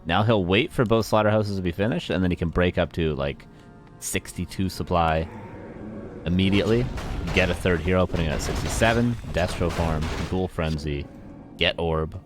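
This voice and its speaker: Very deep-voiced male game caster. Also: moderate pace. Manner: chatty, talks to the chat and laughs at himself. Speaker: esports caster. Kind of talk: live play-by-play game commentary. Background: game music and sound effects.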